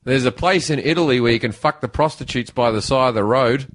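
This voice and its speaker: Guy doing an old aussie movie star, slow, crude, totally deadpan. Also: mid-range voice, close to an everyday voice. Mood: blunt. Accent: Australian. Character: blunt, crude older Australian ex-film star.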